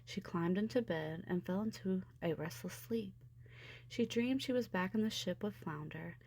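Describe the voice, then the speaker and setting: A woman narrating a children's storybook with an expressive, steady delivery. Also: medium pitch, normal speed, creaky, slightly rough. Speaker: storybook reader. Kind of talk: storybook read-aloud.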